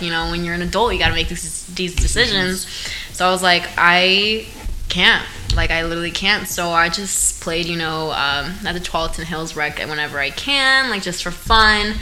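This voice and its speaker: Bright-voiced young woman guest. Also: fairly low pitch, slight background noise, low-quality recording. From Oregon, US. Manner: animated, laughs often, mixes in Spanish. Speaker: podcast guest. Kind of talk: casual chat.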